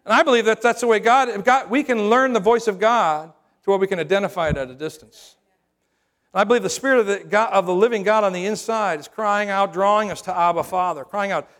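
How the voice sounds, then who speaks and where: Middle-aged pastor guy preaching, high voice, jokey and chatty, keeps saying right?. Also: a little fast, a bit bright. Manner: humorous, conversational, keeps asking "right?". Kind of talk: sermon.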